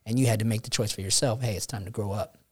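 A man's voice: on the low side, steady tone, fast. A man hosting an interview podcast, reflecting and building his points step by step. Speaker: podcast host. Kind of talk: conversational interview.

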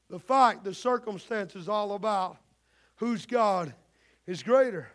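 A man's voice: sits high, measured pace, a bit bright. A man preaching a sermon, pressing the same rhetorical questions again and again in a preaching cadence.

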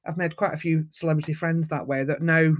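A woman with a Mancunian accent, a photographer telling lively stories as a guest in a casual interview. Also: deep voice, brisk. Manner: lively, animated storyteller. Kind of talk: storytelling in casual chat.

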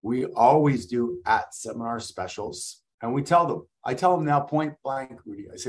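A middle-aged man from Canada, a guest and event speaker, talking in a blunt, energetic, salesman-like way in a casual interview. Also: mid-range voice, normal speed, few pauses, rough recording.

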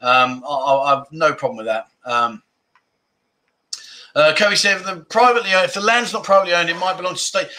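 A man's voice: a little high, brisk, pushed and bright. A man hosting a livestream, chatting casually and reading out viewer comments, with easy laughs and grumbling asides. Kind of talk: casual chat.

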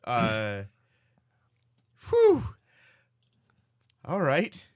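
A man hosting a podcast in casual chat, animated and teasing, laughing often. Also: medium pitch, very slow. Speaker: podcast host.

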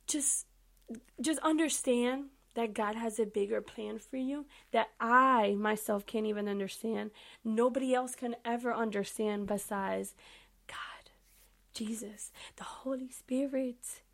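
A young woman with a fairly high, unhurried voice and some vocal fry hosts a podcast, reading the Bible aloud and commenting on it. She's animated, emphatic and chatty, talking casually and directly to her listeners.

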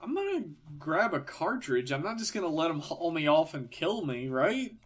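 A man playing along with a gamebook on a podcast, dry and sarcastic. His voice sits somewhat high and swings lively in pitch. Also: moderate pace. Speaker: podcast guest and player. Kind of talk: casual chat playing a gamebook.

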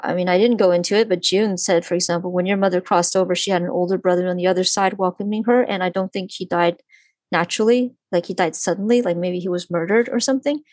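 A woman guest telling a personal story in conversation, animated and full of "like", often acting out what others said. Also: on the low side, fast talker, dry recording. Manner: animated, acts out quoted voices, lots of "like".

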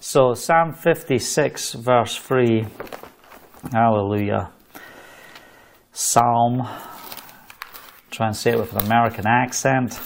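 Fervent Scottish preacher with gravelly voice. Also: male voice, medium pitch, unhurried, slight background noise. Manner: fervent, exhorting, jokey asides. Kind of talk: sermon.

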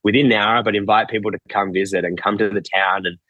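An Australian man, a podcast guest on a video call, speaking earnestly and warmly with halting fillers in casual chat. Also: lowish voice, fairly even intonation, dry recording, highs cut off.

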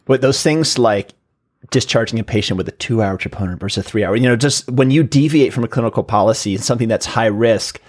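A man hosting a medical podcast, an emergency physician who chats casually and tells self-deprecating stories from his work with animated energy. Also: mid-range voice, fast talker. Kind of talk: casual chat, anecdotal storytelling.

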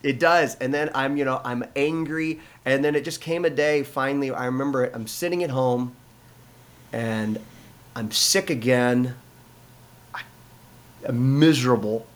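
A man's voice: medium pitch, normal speed, a bit bright, clear, resonant tone. A middle-aged man from the United States tells his own story with a pastor's earnestness. His voice sits in an ordinary middle range. He talks conversationally, often stopping to restart a thought, with plenty of fillers. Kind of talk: conversational testimony in an interview.

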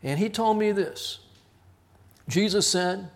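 A man's voice: high-pitched, animated, unhurried. A middle-aged man, teaching a Bible study as a sermon, telling stories and acting out the people in them with a raised voice. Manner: storytelling, quotes others in raised voice, chuckles at himself.

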